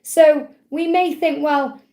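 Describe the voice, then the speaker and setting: Chatty Stoke-accented woman, high voice. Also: normal speed, darkish tone, roomy sound. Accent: Stoke-on-Trent English. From England. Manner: chatty, reassuring, digressive. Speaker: spiritual reader. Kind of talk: live card reading and Q&A.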